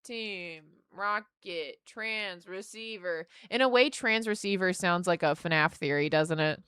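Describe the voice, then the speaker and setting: A young woman streaming, chatting casually and excitedly as she opens trading cards and speaks warmly to her chat. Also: on the low side, measured pace, smooth, no echo, studio quality. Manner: excitable, gasps and squeals at good pulls, earnest and affectionate to chat.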